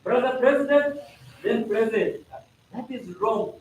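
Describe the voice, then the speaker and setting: A man's voice: extremely high pitch, a little slow, a little mellow. A man speaking to a gathering of students, explaining procedures interactively, checking the room often and acting out playful examples. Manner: interactive, keeps asking "are we together?"; playful, acts out examples and jokes. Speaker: speaker at a school congress. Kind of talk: instructional talk to students. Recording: echoey hall from a distant mic, some noise.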